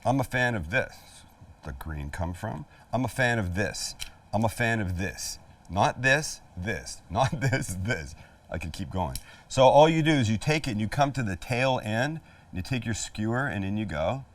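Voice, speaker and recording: Standing at a flat-top grill in an outdoor kitchen, this cooking show host, a middle-aged man, keeps things chatty and jokey while guiding viewers step by step. His pitch is fairly low, his intonation lively, and he talks at a normal speed. The mic catches him from a bit of a distance, with a faint sizzle of food cooking on the grill.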